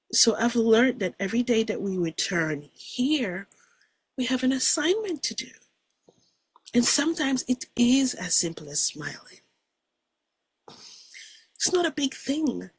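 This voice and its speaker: Husky, soft-spoken woman. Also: on the high side, no room sound. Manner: soft-spoken, reflective and earnest. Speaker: guest describing a near-death experience. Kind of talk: personal spiritual testimony.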